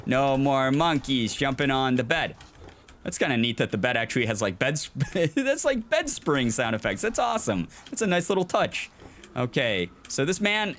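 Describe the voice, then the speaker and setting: Chatty man with a lively pitch. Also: slight background noise. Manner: chatty, jokey, reacts aloud and chuckles often. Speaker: let's play host. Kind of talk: casual gameplay commentary.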